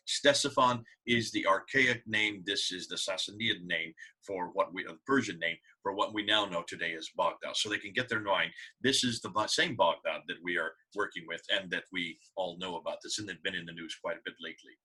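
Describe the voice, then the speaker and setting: A man's voice: low voice, fairly quick, few pauses, pushed and bright, breathy edge, rough recording. A man cutting in to clarify details for the audience during a history discussion. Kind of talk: casual interjection.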